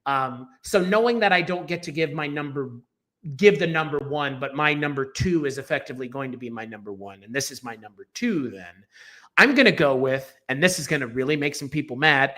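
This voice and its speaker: A man's voice: medium pitch, expressive, a little fast, bright, forceful tone. A man co-hosting a film podcast, giving strong, emphatic opinions in a casual, rambling way with fillers and restarts.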